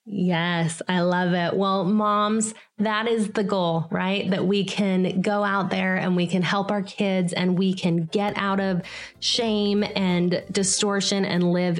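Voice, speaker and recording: A woman's voice: mid-range voice, steady tone, slow pace, soft background music. Woman host, casual and affirming, enthusiastic podcast chat.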